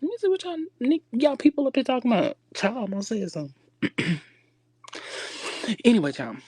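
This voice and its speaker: A man's voice: very high-pitched, wildly swooping pitch, brisk, darkish tone, husky, dry recording. A man hosting a casual livestream chat, sassy and rambling, often stopping himself to get back on track. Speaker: livestream host. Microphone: phone.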